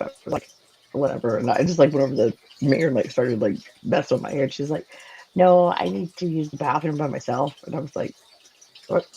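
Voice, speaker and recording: A woman in her forties in casual chat, telling personal stories in an animated way, filling her speech with "like" and acting out dialogue. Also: low voice, vocal fry, slight background noise, rough recording. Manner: animated, many "like"s, acts out quoted dialogue. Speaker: co-host.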